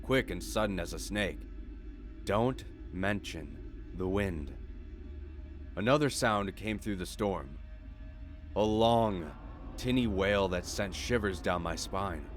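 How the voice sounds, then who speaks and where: A man reading a horror story aloud as its narrator, in a measured, steady delivery. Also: sits low. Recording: faint background music.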